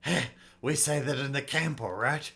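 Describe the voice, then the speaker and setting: A man's voice: medium pitch, moderate pace, gravelly, pushed and bright, pitched above the performer's own voice. A man putting on a brash swearing wolf bandit. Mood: gruff boasting. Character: angry male wolf bandit, gruff and rude.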